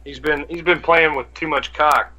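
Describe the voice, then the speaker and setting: A man's voice: fairly high pitch, steady tone, normal speed, pushed and bright, low-quality recording. A man co-hosting a casual podcast with a throat ailment, joking crudely. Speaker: podcast co-host.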